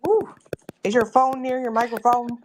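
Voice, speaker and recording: A woman's voice: fairly high pitch, fairly even intonation, moderate pace, darkish tone, slight background noise. A woman co-hosting a casual online show, chatting playfully and joking to the audience while waiting on her partner. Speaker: co-host. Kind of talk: casual livestream chat.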